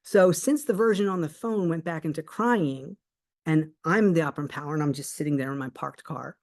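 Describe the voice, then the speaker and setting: A manifestation coach giving a motivational talk and telling a personal story, earnest and emphatic, slowing right down on key points. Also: medium pitch. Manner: animated storyteller, acts out both sides of conversations.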